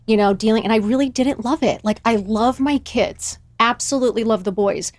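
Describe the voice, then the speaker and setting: A woman in her forties, a podcast guest, telling her story in casual chat, candid and animated, swearing freely. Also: a little high, a little fast, no echo.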